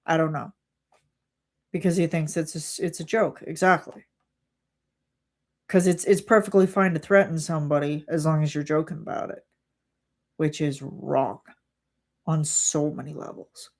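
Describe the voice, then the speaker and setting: A woman's voice: low voice, normal speed, long pauses. Exasperated woman retelling a work story. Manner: animated, exasperated retelling with quoted dialogue. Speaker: streamer. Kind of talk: livestream chat storytelling.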